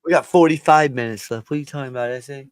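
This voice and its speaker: A man's voice: mid-range voice, racing, clear, resonant tone. Joking, teasing man on a podcast. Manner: joking, laughs a lot, teasing. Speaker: podcast co-host. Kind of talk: casual chat over a watch-along.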